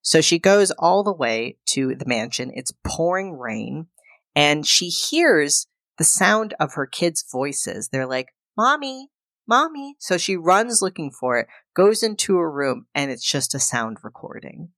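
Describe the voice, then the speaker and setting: A woman with a notably low voice chats through a movie plot for a podcast. She jumps into the characters' lines as she goes, and the sound is close and dry with no room echo. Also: a little slow. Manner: animated retelling, acting out characters' lines. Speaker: podcast co-host. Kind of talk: casual film recap.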